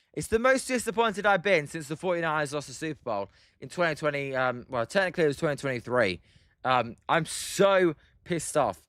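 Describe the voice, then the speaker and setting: A man's voice: on the high side, sharp tone, clean tone, no room sound, clean studio sound. A young English man giving casual live reaction commentary on a baseball game as a stream host, chatting and answering viewer comments with frequent fillers. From England. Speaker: livestream host watching baseball.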